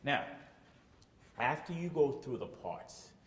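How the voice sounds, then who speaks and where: Taking it slowly, a man with an expressive mid-range voice coaches a choir, breaking things down step by step, singing phrases to demonstrate, and often asking "okay?". His instruction echoes around a room with long reverb.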